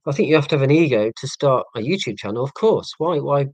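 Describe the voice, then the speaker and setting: A man's voice: medium pitch, expressive, fast talker, a little mellow, no room sound, rough recording. A man in his forties with a Hampshire accent, chatting casually with viewers on his live stream in a rambling, self-deprecating, sarcastic way, full of ums and restarts. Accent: southern English, Hampshire. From England. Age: 40s. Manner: hesitant, many ums and restarts.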